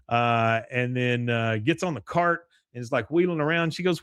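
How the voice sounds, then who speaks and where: A man's voice: medium pitch, moderate pace, fairly bright tone, clean tone, no echo. A man hosting a podcast, animatedly recapping a cartoon episode and quoting its characters with laughs. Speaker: podcast host.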